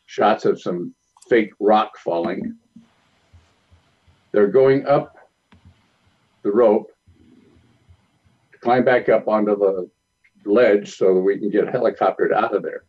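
A man, a film director, telling stories in a calm, measured way as a guest on a talk show. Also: fairly low pitch, husky, highs cut off. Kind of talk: interview storytelling.

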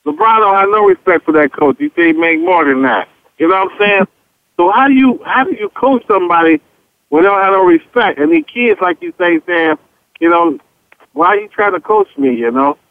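A man co-hosting a casual sports talk radio show, animated, asking his partner questions and retelling conversations. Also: sits high, fairly quick, dry recording. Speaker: sports talk show co-host, former player. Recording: dry, tinny phone-like radio sound.

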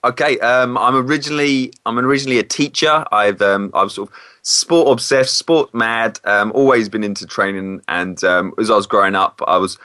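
A man speaks in a fairly low voice in a relaxed interview. He is candid and often halting as he corrects himself mid-sentence. The sound is dry and close. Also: no echo. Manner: candid, hesitant, self-correcting. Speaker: guest, former PE teacher. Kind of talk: casual interview.

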